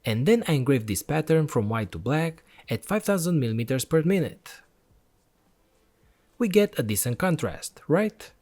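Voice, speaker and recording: Lively, enthusiastic man reviewing gear. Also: mid-range voice. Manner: enthusiastic, explanatory step-by-step. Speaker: electronics channel host. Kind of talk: product review voice-over.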